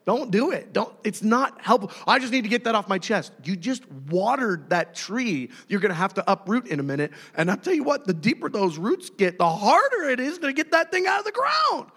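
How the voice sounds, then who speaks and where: Animated preacher man in a reverberant hall. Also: sits high, normal speed, few pauses, husky. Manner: animated, acts out voices, shouts and jokes. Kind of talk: sermon.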